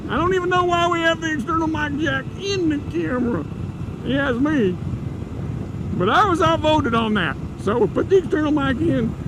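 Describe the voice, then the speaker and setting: A man putting on a Japanese accent to play an excitable male camera design engineer in a meeting, squeaking and rushing his words. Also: gravelly, exaggerated voice. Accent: put-on Japanese. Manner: high, fast, squeaky outbursts. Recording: wind and engine noise.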